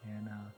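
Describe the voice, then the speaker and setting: A man's voice: lowish voice, mellow, rough recording. A man with a Missouri accent chatting casually in a video log, rambling and chuckling often. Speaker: vlogger. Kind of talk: casual chat. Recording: guitar music playing behind.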